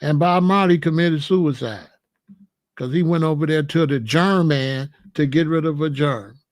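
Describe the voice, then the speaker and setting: Confrontational man with a high voice. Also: measured pace, no echo, clean studio sound. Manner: confrontational, repeats questions, preachy. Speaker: host answering a viewer. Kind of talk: live-stream commentary.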